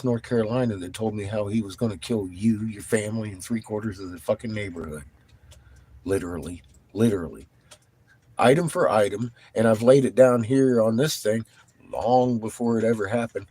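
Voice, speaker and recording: A middle-aged man livestreaming a profane rant, dropping from low muttering to loud, combative outbursts. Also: a little fast, slight background noise. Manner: heavy swearing, blunt and combative.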